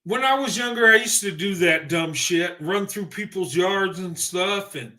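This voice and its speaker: This man's voice is high-pitched, pushed and bright, at a moderate pace. He's a livestream commentator delivering a ranting opinion monologue, emphatic and profane, in heated bursts.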